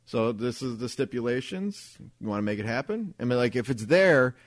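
A man's voice: medium pitch, sing-song, normal speed, no room sound. Profane, rambling male podcast host. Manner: rambling storyteller, profane and laughing. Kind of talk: crude casual podcast chat.

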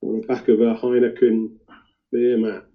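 A man's voice: medium pitch, monotone, normal speed. An Irish man chatting casually and hesitantly, with many fillers. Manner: hesitant, many ums and uhs. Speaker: guest. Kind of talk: casual chat. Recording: dull lo-fi recording.

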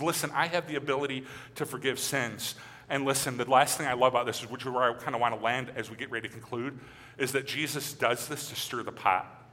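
A man's voice: fairly high pitch, sharp tone, long reverb tail. A man preaching a sermon as pastor, chatty and joking at first, then building to fervent, repeated declarations. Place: church sanctuary.

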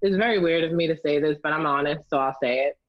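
A young woman telling a candid, profane story in a casual chat, lively and blunt. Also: sits low, quick pace, dry recording, highs cut off. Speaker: storyteller guest.

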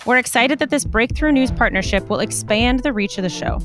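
A woman co-host reading show announcements and introducing the panel in a measured, announcer-like way. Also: a little high. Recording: music playing behind the voice. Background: music.

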